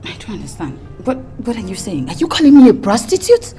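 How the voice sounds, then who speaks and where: A woman's voice: lowish voice, sing-song, brisk, over music. An actress with a Nigerian English accent playing an indignant, defiant young woman. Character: defiant young woman who calls the shots. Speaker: young woman defending herself.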